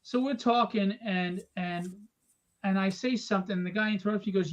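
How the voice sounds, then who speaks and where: A middle-aged man hosts a livestream and tells stories in loose, casual chat. He is animated and swears freely, and he acts out each person in his tales. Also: sits high, normal speed, highs cut off. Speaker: livestream host.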